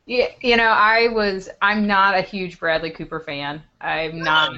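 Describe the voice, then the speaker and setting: A woman's voice: medium pitch, little pitch movement, a little slow, bright, forceful tone, dull audio. A woman co-hosting a podcast, chatting frankly and casually about a movie and laughing easily. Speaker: podcast co-host. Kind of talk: casual movie review chat.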